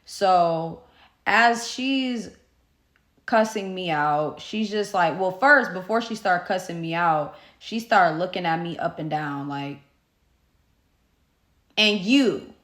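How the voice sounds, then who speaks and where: A woman's voice: fairly low pitch, takes it slowly, a bit bright. A young woman telling a story to her phone camera, chatty and loose, swearing freely and filling with "like" and "you know". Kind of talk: casual storytime vlog. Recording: roomy phone recording.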